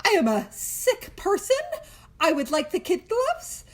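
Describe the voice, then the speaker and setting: A woman's voice: very high voice, sing-song, unhurried, voice pushed up, heavily acted. A woman playing a newly sober woman who demands to be pampered, in a prim, exaggerated tone. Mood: mock-pleading.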